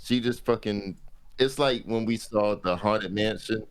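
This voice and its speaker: A man's voice: lowish voice, fairly even intonation, a little slow, clean tone. A man in a casual podcast chat who jokes and agrees emphatically, with plenty of swearing. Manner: joking, profane, emphatic agreement.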